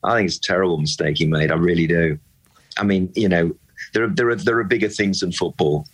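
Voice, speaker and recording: A man with a very low, husky voice holds forth with real passion, driving his points home and circling back for emphasis. He sounds like a lifelong fan arguing his case in a relaxed discussion. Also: quick pace, rough recording. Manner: animated, emphatic, repeats words when worked up. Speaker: football pundit and club fan. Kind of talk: impassioned casual discussion.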